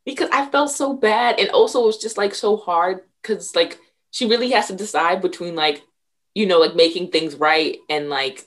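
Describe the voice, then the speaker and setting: A woman's voice: lowish voice, normal speed, a bit bright. A young woman from the Washington DC area in casual chat, filler-heavy and laughing often.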